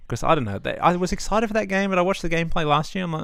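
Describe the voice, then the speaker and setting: A man's voice: sits high, expressive, rapid-fire, vocal fry, hardly any pauses, a bit bright, clear, resonant tone, no echo, clean studio sound. A young man, ranting casually and sarcastically at home, swearing often. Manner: ranty, sweary, sarcastic asides. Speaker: gaming vlogger. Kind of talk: casual opinion rant. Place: home setup.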